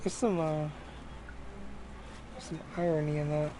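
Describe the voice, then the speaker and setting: A co-host speaking at a middling pitch in a casual podcast chat, with faint noise behind. The remarks are short, quiet, and dry. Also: fairly even intonation, a little slow.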